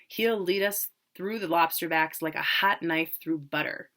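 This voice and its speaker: A woman's voice: on the low side, measured pace, fairly bright tone. A woman doing a cocky young soldier brother. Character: young man, proud older brother, cocky college student.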